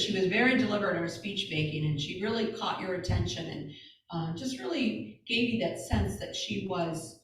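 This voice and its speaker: A woman's voice: mid-range voice, a little hiss or hum. A woman guest speaker telling stories to a church audience in a chatty way, with many asides. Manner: chatty, warm storytelling with asides and fillers. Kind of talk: informal talk to a congregation. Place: church hall. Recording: echoey hall, speaker far from mic.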